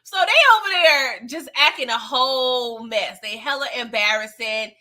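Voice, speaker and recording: A woman's voice: high voice, moderate pace, bright, forceful tone. A woman hosting a casual live recap of a TV episode. She laughs often, uses plenty of slang, and speaks straight to her viewers.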